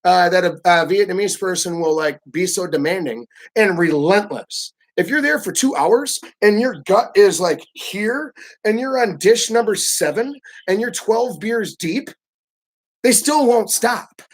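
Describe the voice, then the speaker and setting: A man giving a casual livestream talk, animated and often acting out the pushy voices of others. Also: high voice, measured pace. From United States. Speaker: vlogger.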